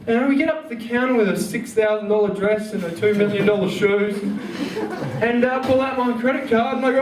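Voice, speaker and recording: Man, high lively voice, crude stand-up set, chuckles at own jokes, far-off echoey live room. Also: moderate pace. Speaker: stand-up comedian. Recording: roomy, far mic, crowd.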